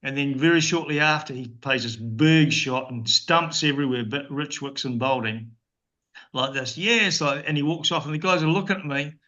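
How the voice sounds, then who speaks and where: A man's voice: medium pitch, normal speed, pushed and bright. A New man in his sixties telling rambling, dryly funny anecdotes as an interview guest, with frequent restarts. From New Zealand. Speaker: guest, former cricketer. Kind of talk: casual storytelling interview. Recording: dull lo-fi podcast recording.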